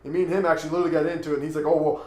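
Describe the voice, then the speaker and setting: A man's voice: a little high, little pitch movement, racing. A young man with a Texan accent, telling a story and ranting in a casual, profane podcast chat. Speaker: podcast co-host. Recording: echoey room.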